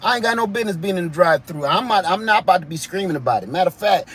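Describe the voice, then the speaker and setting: A man from Ohio doing a comedic monologue, animated and full of slang. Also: high voice, fast, hardly any pauses, breathy edge. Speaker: vlogger.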